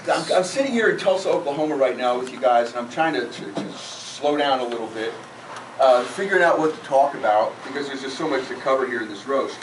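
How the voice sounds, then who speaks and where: A man's voice: medium pitch, expressive, a little fast. A middle-aged man from New Jersey giving a self-deprecating roast speech to friends at an event. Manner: joking, self-deprecating storytelling. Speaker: roast speaker. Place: event room with guests. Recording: echoey room from far off, noisy.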